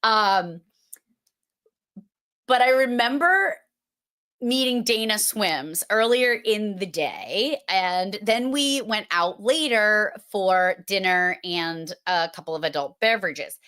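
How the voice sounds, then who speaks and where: A woman's voice: mid-range voice, expressive, takes it slowly, pushed and bright. A middle-aged woman, a host telling stories and giving a playful, chatty talk. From Massachusetts. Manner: storytelling, playful and chatty, with filler words. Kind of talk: casual presentation.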